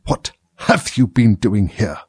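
A man voicing a furious queen who shouts shrill commands in a storybook reading. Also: lively intonation, slow pace, slightly rough, no echo, studio quality, exaggerated voice. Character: furious shrill tyrant queen, middle-aged woman.

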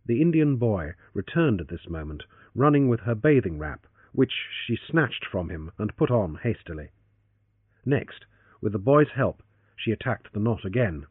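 A man's voice: on the low side, breathy edge, no echo. A man narrating an adventure novel as an audiobook. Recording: tinny phone-like, dry.

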